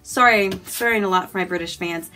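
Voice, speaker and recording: A woman from the United States chatting casually and enthusiastically as she unboxes a book subscription box, gasping and making quick asides about each item. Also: on the low side, fairly even intonation, over loud music. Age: adult, married.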